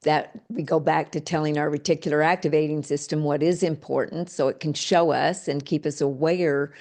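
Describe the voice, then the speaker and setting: A middle-aged woman author talking in an interview, animated, acting out quoted phrases in different voices. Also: low-pitched, moderate pace. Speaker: author and guest. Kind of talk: interview conversation.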